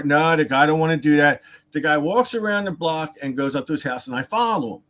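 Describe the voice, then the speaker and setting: Man, slightly high, very lively pitch, casual rambling storyteller who acts out the other people in his story. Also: normal speed. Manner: animated and rambling, with repeated words, asides and laughter. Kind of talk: casual storytelling on a live stream.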